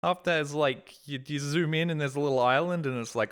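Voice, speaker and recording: A man's voice: on the high side, fairly quick, few pauses, a bit bright, clear, resonant tone. A man chatting casually on a live stream, rambling and swearing with a self-deprecating edge, talking from a desk mic at home.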